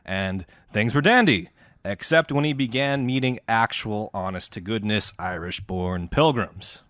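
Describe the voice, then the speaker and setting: A man's voice: lowish voice, a little slow, fairly bright tone, no echo, studio quality. A man hosting a comedy history podcast, telling the story in a casual, profane, joking way. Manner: profane, jokey, acts out quotes.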